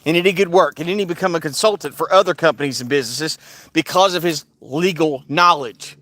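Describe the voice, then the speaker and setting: A man's voice: fairly high pitch, a little fast, long pauses, a bit bright. Heated, sarcastic male commentator. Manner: heated, sarcastic, repeats a mocking refrain. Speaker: online commentator. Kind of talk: casual ranting monologue.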